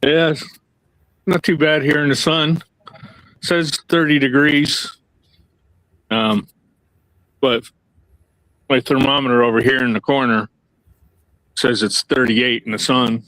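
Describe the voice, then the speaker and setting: A man's voice: medium pitch, takes it slowly, long pauses, a bit bright, dry recording, poor audio. A man chatting in an easygoing, matter-of-fact way as a guest on a live stream, calling in from outdoors. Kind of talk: casual chat. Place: outdoors beside a smoker.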